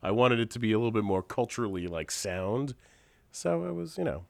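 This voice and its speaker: Animated congested man telling stories. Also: lowish voice, a little fast, gravelly, slight background noise. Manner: animated storyteller, swears casually. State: congested from a sinus infection. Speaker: podcast regular. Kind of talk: casual chat.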